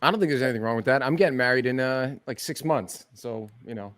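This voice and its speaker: A man's voice: mid-range voice, fast talker, a bit bright, no room sound. A man chatting in casual podcast banter in a laid-back, easygoing way.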